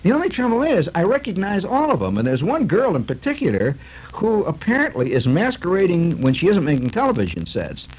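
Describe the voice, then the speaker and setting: A man's voice: high-pitched, fairly quick, husky, poor audio. A man in a comic monologue, telling stories with sarcasm and lots of fillers. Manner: animated, sarcastic storytelling with many fillers.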